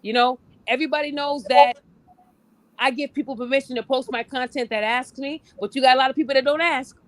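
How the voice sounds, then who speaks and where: A woman's voice: high-pitched, fairly quick, dry recording. A woman hosting a podcast and coaching relationships, talking bluntly and casually, often acting out the people she quotes. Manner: blunt, animated, acts out quoted voices.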